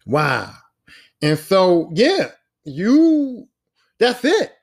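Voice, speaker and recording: High-pitched man ranting with profane emphasis. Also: expressive, normal speed. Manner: slangy street talk. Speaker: podcast host. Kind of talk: casual solo podcast rant.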